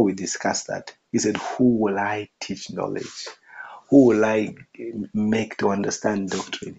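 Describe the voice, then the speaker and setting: A man's voice: on the low side, vocal fry, darkish tone, muffled recording, slight background noise. A man preaching a sermon, emphatic, repeating his phrases for effect.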